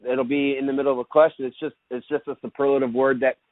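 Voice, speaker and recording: A man from Canada talks in a relaxed, easygoing way, often repeating a word as he gathers his thoughts. His voice comes through a thin, phone-like remote line. The sound is dry, with no room around it. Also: mid-range voice, quick pace, dry recording. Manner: easygoing, repeats words while thinking. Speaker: guest, lacrosse broadcaster. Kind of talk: casual interview chat.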